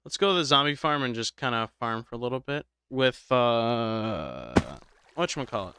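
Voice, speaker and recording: A man live-streaming a game, chatting casually with viewers in a slow, drowsy, rambling way because he is tired. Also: mid-range voice, expressive, bright, forceful tone, slight background noise. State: tired, medicated.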